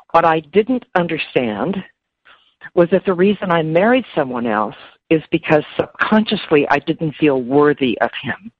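A woman speaking as an interview guest, emotional and halting, often repeating words. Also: low voice, breathy edge, dry recording. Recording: dull lo-fi dry sound.

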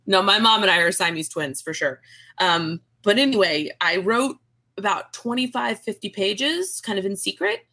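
A woman in her thirties talks casually as a guest in an interview. She tells stories with lots of energy and puts on quick voices for the people she quotes. Her pitch sits in the middle for a woman. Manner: animated storyteller, acts out quoted voices. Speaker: guest author.

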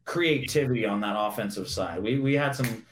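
Animated storytelling man, roomy sound. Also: fairly low pitch, a little hiss or hum. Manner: animated, quick anecdotes. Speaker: podcast guest, former pro football receiver. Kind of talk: casual storytelling interview. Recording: roomy echo.

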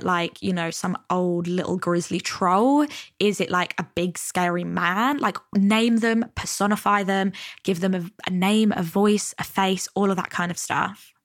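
A woman's voice: mid-range voice, no echo, clean studio sound. Chatty woman podcaster. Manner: chatty, swears casually, acts out inner voices. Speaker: podcast host. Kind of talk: casual self-help podcast monologue.

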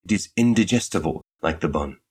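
A man's voice: low voice, expressive, a little fast, darkish tone, husky, heavily acted. A man reading aloud and voicing a precise, dry-humoured young man proposing in a pastry shop. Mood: deadpan. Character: grave, whimsical red-haired young man.

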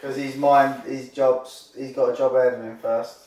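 A man joining the chat with quick jokes and interjections. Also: medium pitch, flat delivery, warm tone, far from the mic. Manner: joking, interjecting. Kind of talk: casual chat. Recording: very echoey room, off-mic.

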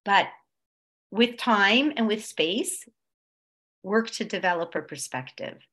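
A woman leads a conversational religious class. She swings from loud, emphatic peaks to soft, low stretches, and often checks that her listeners are following. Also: lively intonation, slow pace. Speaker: Torah class teacher.

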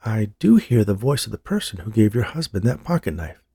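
A man's voice: fairly low pitch, very animated, fairly quick, vocal fry, husky, no room sound, clean studio sound, heavily acted. A man doing a soothing male psychic. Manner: soothing, gentle. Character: calm, smooth-talking male psychic medium.

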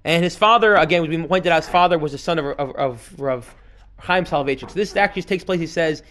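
A man teaching a Talmud class as a rabbi, telling stories in an animated way and swinging between loud and hushed delivery. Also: fairly high pitch, fairly quick. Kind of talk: lively classroom lecture.

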